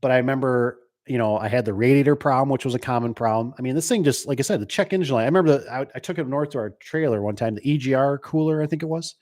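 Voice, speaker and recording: A man's voice: medium pitch, fast, few pauses, darkish tone. Rambling man in casual shop talk. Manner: rambling, with many restarts and acted-out quotes. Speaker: garage door business owner. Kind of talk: casual chat.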